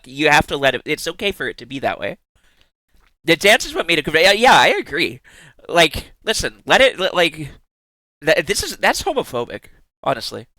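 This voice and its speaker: A man's voice: fairly high pitch, bright, forceful tone, dry recording. A man streaming live in casual chat, giggling often and rambling in playful asides with many restarts.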